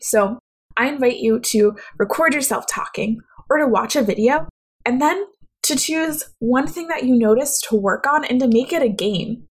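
A woman's voice: high voice, normal speed, husky. A woman giving an instructional talk as a speaking coach, conversational and addressing the listener directly with practical advice.

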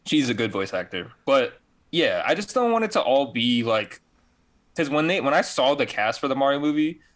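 A man co-hosting a gaming podcast, chatting casually in a blunt, animated way and swearing freely. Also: medium pitch, moderate pace. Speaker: podcast co-host. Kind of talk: casual chat.

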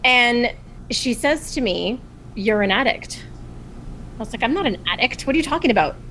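A woman's voice: fairly high pitch, moderate pace, a little hiss or hum, rough recording. Chatty woman telling her story. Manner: animated, chatty, full of fillers like "like" and "you know". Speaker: podcast guest. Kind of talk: casual storytelling chat. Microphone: video call.

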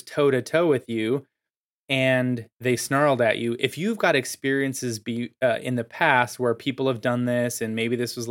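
A man's voice: medium pitch, clear, resonant tone. A man hosting a solo podcast, explaining ideas in a casual way with lots of filler words. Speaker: podcast host.

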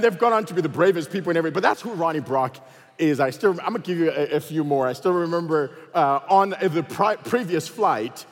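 A man pastor preaching a sermon and telling personal stories, swinging between loud bursts and quiet moments. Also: fairly high pitch, long reverb tail.

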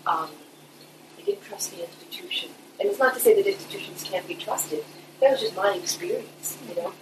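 A woman telling her own birth story in a casual, animated way, laughing often. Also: mid-range voice, fairly quick. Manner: animated, chatty, laughs often, many fillers. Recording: echoey room, mic at a distance, noisy background.

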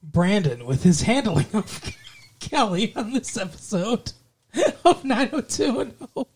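A man's voice: high-pitched, sing-song, measured pace, a little mellow, breathy edge. A man co-hosts a casual podcast chat, leaning into crude jokes and laughing at his own punchlines. His delivery is loose and playful throughout. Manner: joking, tells crude jokes and laughs often. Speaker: podcast co-host.

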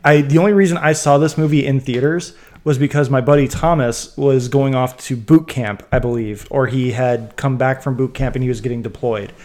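A man's voice: mid-range voice, fairly even intonation, brisk, hardly any pauses, a little mellow. A man, a podcast co-host, giving dry, blunt opinions in casual movie chat.

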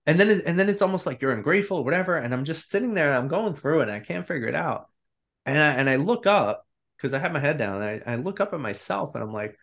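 A man in his thirties, a podcast guest, telling a personal story in a candid, animated way and acting out his own inner voice. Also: fairly high pitch, fast, vocal fry. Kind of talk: casual storytelling.

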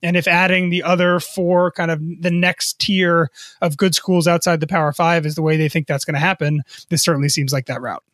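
A man co-hosting a podcast, explaining the news in a measured, casual way with some restarts. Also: on the high side, level tone, fairly bright tone, no room sound, clean studio sound. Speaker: podcast co-host, business journalist.

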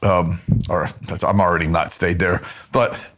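A man's voice: sits low, steady tone, unhurried, a bit bright. A man hosting an interview show, talking casually and rambling with frequent restarts. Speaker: host.

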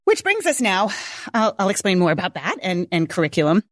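A woman's voice: mid-range voice, big pitch swings, fairly quick, dry recording. A woman in her forties, a homeschooling mother, telling a personal story to viewers in a candid, casual way, close to tears, swearing and laughing often.

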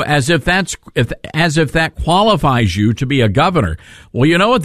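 Male radio host, lively sarcastic monologue, slightly high voice, dry studio mic. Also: dry recording. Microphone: studio microphone.

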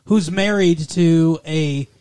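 A man's voice: fairly high pitch, slow, a little mellow, clear, resonant tone. A man co-hosting a podcast, chatting casually about a TV show with jokes and some swearing. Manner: joking, wisecracking, swears. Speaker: podcast co-host. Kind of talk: casual chat reviewing a TV show.

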